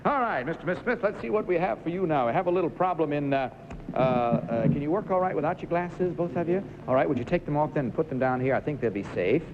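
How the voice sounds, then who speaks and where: A man hosting a live TV game show, chatting briskly with contestants and cheering them on. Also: a little high, animated. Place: TV studio stage. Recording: lo-fi hissy 1950s TV broadcast.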